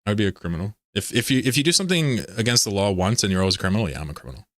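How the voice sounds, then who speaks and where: A man's voice: on the low side, lively intonation, very fast, a bit bright, no echo, clean studio sound. A man hosting a casual livestream, rambling, laughing often and reading chat messages aloud. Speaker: livestream host.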